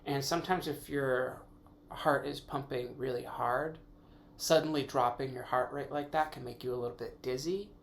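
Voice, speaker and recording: A man's voice: mid-range voice, steady tone, moderate pace, gravelly, slight background noise. A man hosting his own podcast, thinking aloud in a casual, rambling way, correcting himself as he goes and swearing now and then. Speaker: podcast host. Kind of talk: casual solo podcast musing.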